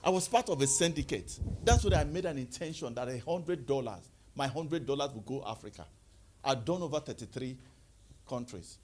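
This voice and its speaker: Man, motivational speaker, call-and-response, lively swooping pitch. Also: moderate pace. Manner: call-and-response, rising to high exclaims. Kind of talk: animated motivational talk to a live audience.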